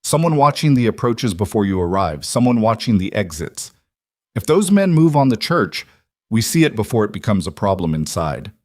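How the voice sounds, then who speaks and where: A man voicing a calm, guarded middle-aged protector in an audiobook, speaking flatly and without inflection. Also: lowish voice, no echo, clean studio sound. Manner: flat, measured, unemotional. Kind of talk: audiobook character voice.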